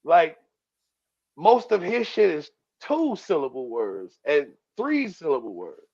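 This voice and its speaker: Male podcast co-host, high gravelly voice, blunt and profane in casual debate. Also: huge pitch swings, takes it slowly, a little mellow, no echo, lo-fi sound. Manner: emphatic, profane, counts syllables aloud. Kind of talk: casual debate about rap lyrics.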